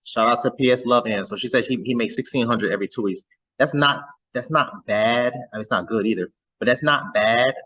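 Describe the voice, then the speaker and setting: A man hosts a casual reaction commentary with a slightly husky voice at a middle pitch. He talks loosely and repeats words as he works through his thoughts. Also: brisk, sharp tone, poor audio. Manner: chatty, repeats and stammers over words. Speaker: reaction video host.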